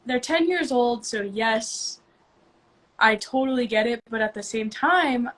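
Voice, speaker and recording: Earnest woman with a slightly high voice. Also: measured pace. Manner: earnest, thinks aloud with many fillers. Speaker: co-host and youth basketball coach. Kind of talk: casual chat on a live stream.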